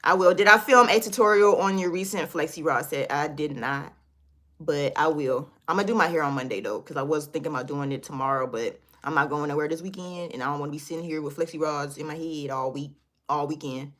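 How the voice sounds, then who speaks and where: A woman's voice: low voice, fairly quick, a bit bright. A woman hosting a casual beauty livestream from her desk, chatting loosely and talking straight to her viewers while reading their comments.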